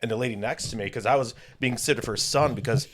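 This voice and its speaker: A man's voice: mid-range voice, rapid-fire. A man co-hosting a podcast in casual chat, telling a story animatedly and acting out the voices of the people in it. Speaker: podcast co-host.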